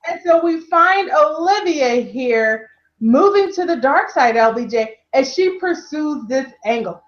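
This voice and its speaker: Woman cohosting a tv recap, high animated voice, dramatic slow emphasis, echoey dull-sounding room. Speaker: recap show co-host. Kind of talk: casual chat.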